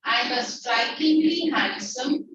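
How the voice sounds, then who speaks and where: A high-voiced woman tutor with an Indian English accent reads a passage and explains each line. She sounds far from the mic in a very echoey room. The recording is muffled, with a faint hiss underneath. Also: slow pace. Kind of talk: online class lecture, reading and explaining a text. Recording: distant, echoey, muffled online lecture recording with faint noise.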